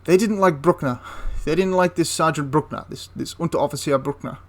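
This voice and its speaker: A man recounting a wartime episode in an easygoing, talkative way. His voice sits a little high for a man, and he often backtracks, repeats himself and adds asides mid-thought. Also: a little fast. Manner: rambling, with frequent restarts and asides. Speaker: history channel host. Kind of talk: casual history storytelling.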